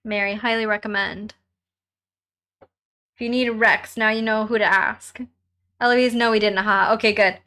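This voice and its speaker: A woman's voice: medium pitch, fairly even intonation, normal speed, long pauses, sharp tone, smooth. A young woman hosting a casual live stream from home while crafting, chatting with viewers and reading their comments aloud in a bubbly way, laughing often.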